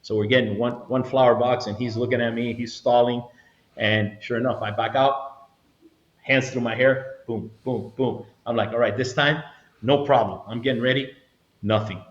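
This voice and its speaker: Animated older man telling war stories. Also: medium pitch, moderate pace. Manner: animated storyteller acting out quoted voices. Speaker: guest, retired federal agent. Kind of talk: storytelling interview. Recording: echoey room, slightly dull sound.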